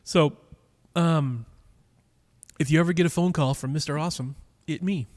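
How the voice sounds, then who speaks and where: A man's voice: on the high side, normal speed, darkish tone. A man hosting a live stream in casual chat, rambling with lots of fillers and teasing his viewers, talking into a microphone in a cigar lounge. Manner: rambling, chatty, many fillers and restarts.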